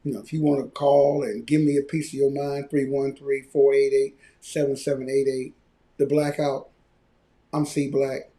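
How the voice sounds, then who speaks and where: A man hosting a live podcast, ranting loudly and mockingly. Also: mid-range voice, normal speed. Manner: loud, animated ranting with mocking quoted voices. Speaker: podcast host.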